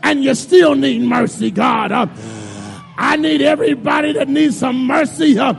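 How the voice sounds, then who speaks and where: Male preacher, very high gravelly voice, call-and-response sermon, long church reverb. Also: normal speed. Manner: call-and-response preaching, shouting and dropping low; repeats words and addresses the congregation as y'all. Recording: reverberant hall with music under.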